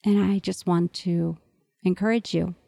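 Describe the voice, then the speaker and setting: Addressing listening parents directly, a middle-aged podcast host offers earnest, animated encouragement in her monologue. Her voice is lowish, steady, unhurried, gravelly and mellow, with no echo.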